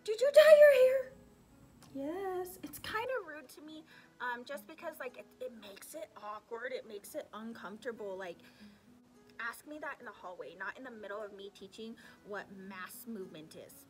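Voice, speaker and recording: Young woman teacher, casual vlog advice, animated and higher-pitched, faint music bed. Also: normal speed. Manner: animated, acts out her students' voices, drops into asides. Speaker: sixth-grade teacher. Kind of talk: casual talk to camera giving advice.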